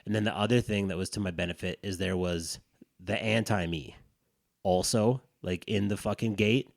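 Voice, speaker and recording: Man, low voice, dry close sound, podcast co-host, rambling profane storytelling. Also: fairly even intonation, normal speed, vocal fry, dry recording. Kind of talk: casual chat.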